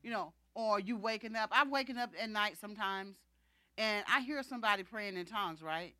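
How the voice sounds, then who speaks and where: A woman's voice: medium pitch, fairly quick, bright, forceful tone, dry recording, clean studio sound. A middle-aged woman preacher giving a sermon, emphatic and repetitive, often saying "you know". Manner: emphatic, repeats key phrases, frequent "you know".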